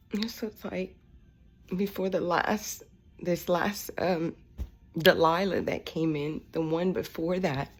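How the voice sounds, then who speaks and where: A middle-aged woman preacher giving a fervent, rambling spiritual testimony that sometimes drops to a hush. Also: lowish voice.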